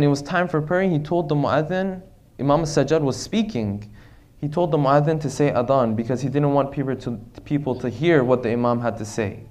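A man's voice: a little high, a little mellow. A man giving an earnest religious lecture to a congregation, often checking in with rhetorical questions.

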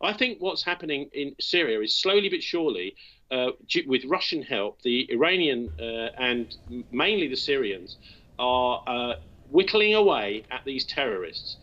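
A man's voice: mid-range voice, sing-song, normal speed, fairly bright tone, dull audio. A male journalist arguing as a guest on a TV debate, insistent and building to indignation. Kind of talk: heated TV debate argument.

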